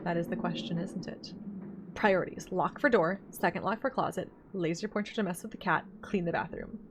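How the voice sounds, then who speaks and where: She's a let's play gamer reading out a horror visual novel, narrating before chatting and laughing about the choices she makes. Her fairly low voice moves a little fast, and there's background noise.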